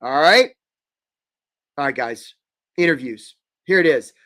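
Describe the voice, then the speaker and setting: A man hosting a live career webinar, energetic and jokey, acting out quick little quoted voices. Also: on the high side.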